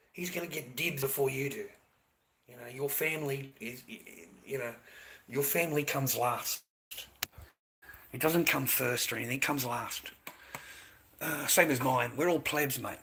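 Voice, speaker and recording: A man with an Australian accent rants straight to camera, blunt and profane, circling back over the same points. His voice sits at an ordinary middle pitch. A steady noise runs clearly under the recording. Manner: blunt, profane, repetitive, peppered with "mate". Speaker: vlogger. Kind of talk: casual ranting monologue. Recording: noisy background.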